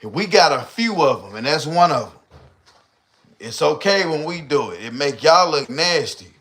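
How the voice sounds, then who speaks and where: Ranting casually on his livestream at a moderate pace, a man with a slightly high voice leans on heavy slang and profanity. He tells stories animatedly, performing the voices of the people he describes.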